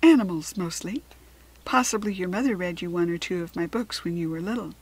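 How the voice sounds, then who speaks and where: A courteous, well-spoken lady author from a storybook, as a woman reads her part. She talks in a polite, slightly apologetic way. The voice is soft and breathy. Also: fairly low pitch, a little fast.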